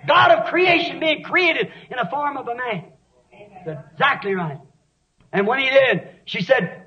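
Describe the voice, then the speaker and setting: A male preacher with a very high, ringing voice delivers a fervent sermon, rising to shouts and then sinking to hushed passages. The recording is dull and lo-fi, like an old tape. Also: animated, moderate pace.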